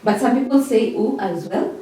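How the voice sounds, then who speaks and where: A woman's voice: a little high, normal speed, warm tone. A woman teacher, giving a revision lesson, who repeats key words and checks in with "okay?". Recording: very echoey room, mic far off.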